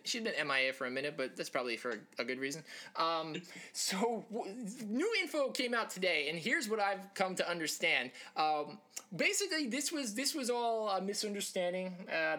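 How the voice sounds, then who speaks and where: A man's voice: high-pitched, bright, forceful tone. A man co-hosting a casual sports chat show, rambling with jokes and lots of fillers. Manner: rambling, joking asides, many fillers. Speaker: podcast co-host.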